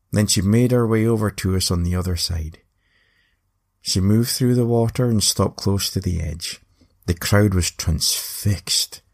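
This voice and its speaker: A man's voice: on the low side, vocal fry. A Scottish man narrating a story with wry, playful asides.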